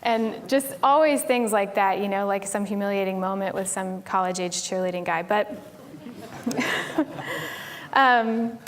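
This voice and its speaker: With a medium pitch and a measured pace, this woman pauses often. She's a Tennessee conference speaker on stage, casual and chatty, filling gaps with "like" and "um."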